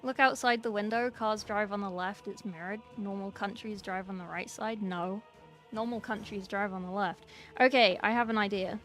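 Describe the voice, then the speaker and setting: A woman's voice: medium pitch, fairly even intonation, normal speed, fairly bright tone, faint music behind. A young woman chatting casually on a livestream while painting miniatures, reading and answering her chat from a small room at home. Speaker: streamer.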